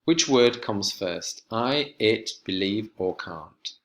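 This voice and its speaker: A man teaching an online English lesson, walking students through exercises with slow, clear instructions. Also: lowish voice, animated. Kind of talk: recorded online lesson walkthrough.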